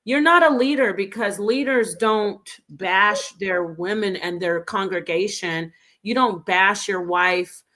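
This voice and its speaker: A woman's voice: mid-range voice, takes it slowly, few pauses, a bit bright. A woman hosting a casual commentary show, speaking in an earnest, critical and emphatic way. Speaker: host.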